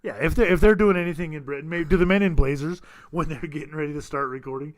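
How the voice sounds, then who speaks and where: A man's voice: a little high, fast. A man co-hosting a podcast, rambling and joking with friends and laughing often. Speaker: podcast co-host. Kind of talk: casual podcast banter.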